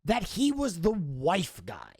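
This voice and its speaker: Profane, animated male streamer rant. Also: high voice, takes it slowly, husky, no room sound, studio quality. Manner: profane, emphatic, conversational. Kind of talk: commentary rant to camera.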